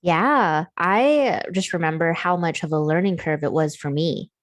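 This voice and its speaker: A woman's voice: fairly low pitch, measured pace. A woman hosting an interview show, chatting casually and affirming her guest with lots of fillers. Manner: warm, affirming, many fillers. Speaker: podcast host.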